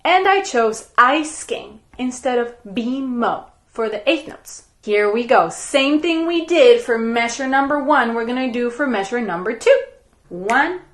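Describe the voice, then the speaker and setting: A woman teaching a recorded music lesson for young children, counting beats and speaking rhythm syllables in a slow, clear, patient way. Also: a little high, lively intonation. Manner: slow, clear, patient classroom delivery with counted clapping chants.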